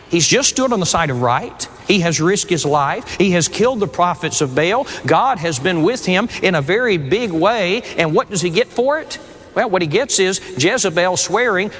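A man with a fairly high voice preaching a sermon, earnest and conversational, stumbling over the first words of his phrases. His voice rings with a long reverb, like a sanctuary. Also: fairly bright tone.

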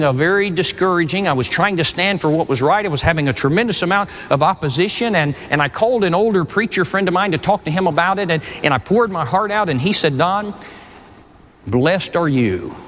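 A man with a fairly high voice preaching a sermon, earnest and conversational, stumbling over the first words of his phrases. His voice rings with a long reverb, like a sanctuary. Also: fairly bright tone.

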